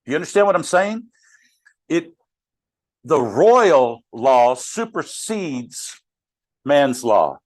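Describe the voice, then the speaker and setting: A middle-aged man leads a Bible study in an easygoing, unhurried way. He quizzes his class and jokes with them as he goes. His voice is close and dry. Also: fairly high pitch, very animated, no room sound. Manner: conversational, questions the class, jokes. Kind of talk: interactive Bible study teaching.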